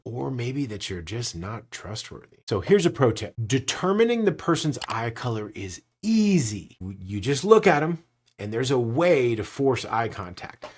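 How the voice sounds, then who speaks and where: A man's voice: medium pitch, slightly rough. A man teaching sales skills, talking with emphasis and acting out different tones of voice as he explains them. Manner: animated, emphatic, demonstrates tones with his voice. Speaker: sales trainer. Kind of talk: instructional talk to camera.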